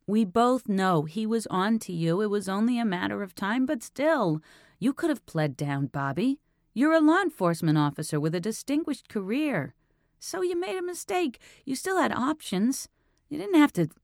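A man's voice: sits high, sing-song, moderate pace, creaky, no room sound, clean studio sound, voice pushed up, full character voice. A man voicing a tough female police detective, insistent and questioning in an audiobook reading. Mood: pressing.

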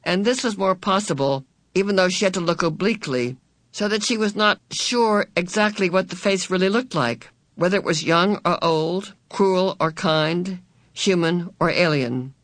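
A narrator reading a novel aloud in a measured, even way. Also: medium pitch, dry recording. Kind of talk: scripted audiobook narration.

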